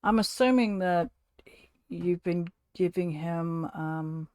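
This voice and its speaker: A woman streaming from home, chatting casually and rambling to her viewers, now and then cooing softly to her cat. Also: fairly low pitch, takes it slowly, smooth, no echo, clean studio sound.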